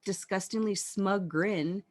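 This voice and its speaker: A woman in her thirties, a podcast guest telling her personal story in an earnest, reflective way with halting pauses. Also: mid-range voice.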